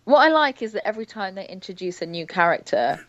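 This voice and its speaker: A woman's voice: medium pitch, big pitch swings, quick pace, crowd noise. A woman talking as a guest TV critic in a casual chat, wry and chatty, with a few fillers. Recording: dull lo-fi sound.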